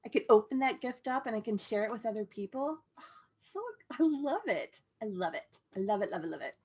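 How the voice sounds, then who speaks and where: A woman's voice: a little high, lively intonation, fairly quick, a little mellow, breathy edge. A middle-aged woman, a podcast guest in recovery who works as a painter, tells her story animatedly, laughing often and acting out her own thoughts. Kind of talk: casual podcast interview. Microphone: video call.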